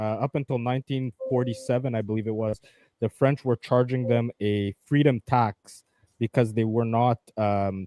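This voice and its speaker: A man explaining at length in a casual debate, halting and full of fillers. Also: mid-range voice, a little mellow, dry recording.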